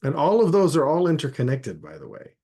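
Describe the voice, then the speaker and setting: Gravelly husky man co-hosting a podcast. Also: on the high side, wildly swooping pitch, a little fast, mellow. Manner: reflective, explanatory, playful asides. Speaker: doctor and podcast co-host. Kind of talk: casual podcast chat.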